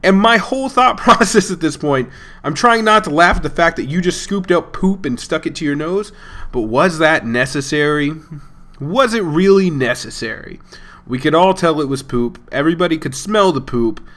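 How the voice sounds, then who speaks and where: A man's voice: on the high side, expressive, normal speed, fairly bright tone. Young man casually telling a funny story. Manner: rambling and amused, chuckling between lines. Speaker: gaming channel host. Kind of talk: casual storytelling over gameplay.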